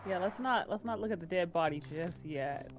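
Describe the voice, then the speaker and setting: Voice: medium pitch, brisk. Joking streamer, chatty let's play commentary, faint music underneath. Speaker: game streamer.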